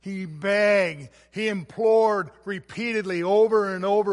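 A male pastor preaching a sermon in an earnest way, with fillers and restarts and a loudness that rises and falls. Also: sits high, a little slow, hardly any pauses. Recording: long echo of a large hall.

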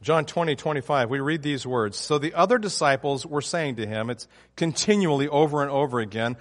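A man's voice: a little high, brisk, hardly any pauses. Man preaching in a reverberant hall. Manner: emphatic, with frequent restarts and fillers. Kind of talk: sermon.

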